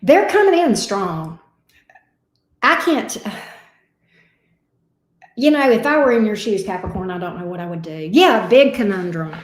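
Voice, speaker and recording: A woman's voice: mid-range voice, sing-song, unhurried, long pauses, reverberant. A woman giving a casual, emotional tarot reading. She talks expressively and swears now and then. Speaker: tarot reader.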